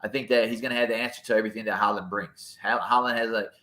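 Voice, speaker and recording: A man with a bright, forceful voice gives laid-back fight breakdowns on a casual podcast. His voice sounds in an echoey room. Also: fairly low pitch, fairly even intonation, very fast.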